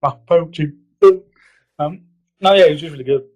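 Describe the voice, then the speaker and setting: A man hosting a casual podcast chat, rambling, giggling and swearing, slipping into mock impressions. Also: normal speed. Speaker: podcast host. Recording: low-quality audio.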